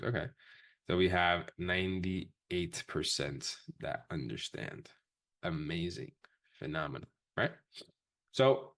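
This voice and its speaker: A man teaching a live trading lesson, talking fast and casually with lots of swearing. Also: low voice, fairly bright tone. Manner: fast, profane, casual coaching talk. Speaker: trading instructor.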